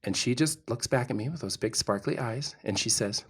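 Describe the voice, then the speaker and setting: A middle-aged man co-hosting a podcast, telling a story with animated, dramatic delivery. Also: mid-range voice, brisk, few pauses, breathy edge. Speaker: podcast co-host. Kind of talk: storytelling chat.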